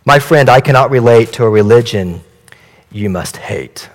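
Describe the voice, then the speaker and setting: A male pastor voicing a gentle, grave elderly apostle in a poem reading, dropping his voice low and soft. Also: expressive, normal speed, big-room sound, close to an everyday voice. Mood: solemn.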